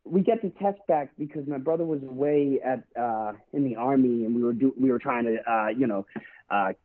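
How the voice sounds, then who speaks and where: A man's voice: medium pitch, moderate pace. A young man in his twenties, a podcast host, telling a story in a laid-back casual chat full of fillers. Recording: tinny phone-like sound.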